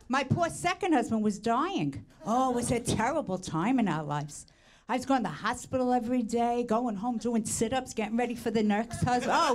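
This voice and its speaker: Bronx lady doing standup, brash and self-mocking, big swoopy voice. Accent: New York (Bronx). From the Bronx, New York. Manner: brash, self-mocking, swings pitch up for punchlines. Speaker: stand-up comedian. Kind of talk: stand-up comedy set. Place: comedy stage with audience. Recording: stage recording, audience laughing.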